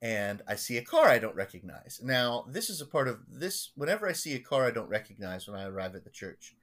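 Rambling pastor telling stories on a podcast. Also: male voice, mid-range voice, very animated, fairly bright tone. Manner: rambling, halting, many restarts. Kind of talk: casual storytelling chat.

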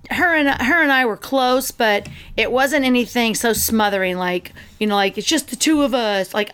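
A middle-aged woman chatting casually as a podcast co-host, telling stories in an animated way and acting out scenes. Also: medium pitch, clean tone. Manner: animated storyteller, acts out scenes with exclamations. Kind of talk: casual chat.

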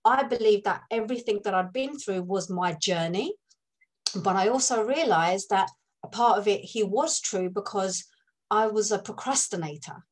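Une femme à l'accent de l'Essex, invitée d'un podcast, raconte son parcours avec franchise et imite des voix au fil du récit. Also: female voice, medium pitch, expressive, normal speed, low-quality recording. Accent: Essex English. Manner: candid storytelling, acts out voices. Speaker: podcast guest. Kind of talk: casual conversation.

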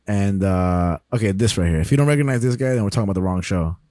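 A man's voice: low-pitched, fast, mellow, dry recording, studio quality. A young man co-hosting a podcast in casual chat, laughing often, swearing freely and acting out the people he talks about. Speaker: podcast co-host.

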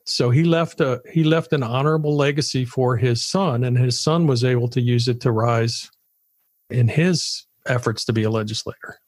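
A man's voice: medium pitch, moderate pace, a little mellow, dry recording, studio quality. Man co-hosting a political podcast. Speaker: podcast co-host. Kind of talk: casual political chat.

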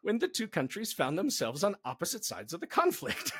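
A man's voice: high-pitched, moderate pace, husky, no echo. A man as a podcast guest, telling history in a casual, jokey way. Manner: animated, jokey storyteller.

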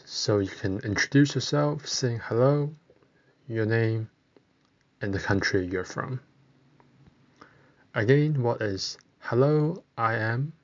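Podcast language tutor, male, from Britain; unhurried, deliberate, leaves long gaps for repetition, slightly muffled audio. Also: medium pitch. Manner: spells out each word slowly, with long pauses for the listener to repeat. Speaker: language teacher. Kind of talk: slow, deliberate language lesson.

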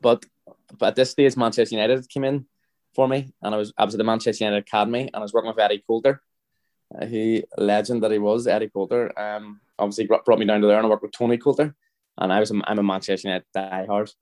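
Fast-talking Northern Irish man. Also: fairly low pitch, level tone, darkish tone. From Northern Ireland. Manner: chatty, rambling, frequent restarts and quoted dialogue. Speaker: podcast guest, footballer. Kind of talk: casual storytelling chat.

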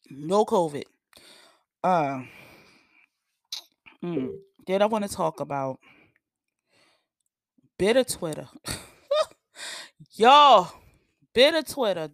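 Blunt, animated woman ranting solo. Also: on the low side, no echo, studio quality. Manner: blunt, profane, gets animated and loud. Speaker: podcast host. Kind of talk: casual opinion rant.

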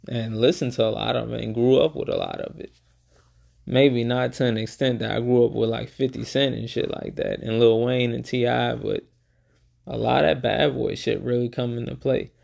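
A young man giving casual reaction commentary, excitable and profane, retelling scenes in quoted bursts. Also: mid-range voice, gravelly. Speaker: reaction video host.

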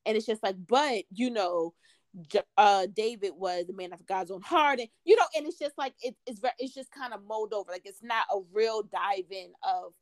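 A woman's voice: mid-range voice, normal speed, no echo, studio quality. A young woman, an author being interviewed, speaking earnestly as she searches for her words in a casual podcast conversation. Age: young adult. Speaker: author guest.

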